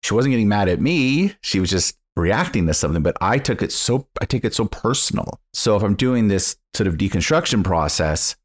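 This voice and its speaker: A man co-hosting a podcast, speaking in a reflective, candid way with halting restarts. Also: on the low side, very animated. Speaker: podcast co-host. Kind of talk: casual podcast chat.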